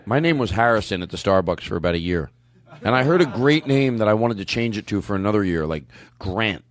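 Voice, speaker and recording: A man's voice: fairly low pitch, lively intonation, fairly quick. Guy hosting a comedy podcast, rambly and goofy, voice bouncing all over the place. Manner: rambling, self-interrupting, goofy. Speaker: podcast host. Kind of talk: casual comedic chat.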